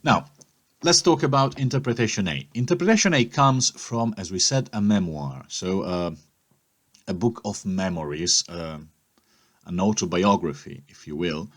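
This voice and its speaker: Low husky male history teacher. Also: animated, moderate pace. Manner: explanatory, checks in with "okay?". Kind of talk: recorded history lesson.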